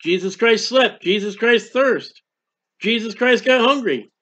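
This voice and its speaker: Fervent high-voiced man preaching. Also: measured pace, pushed and bright, lo-fi sound. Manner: fervent, repetitive preaching with rhetorical questions and acted-out prayers. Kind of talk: sermon.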